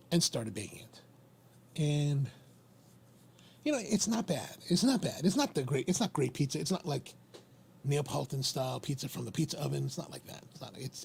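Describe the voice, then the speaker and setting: This Maryland livestream host has a mid-range voice with vocal fry, and a little hiss or hum sits under the recording. His chatter is casual and wandering, lively, and full of repeated phrases.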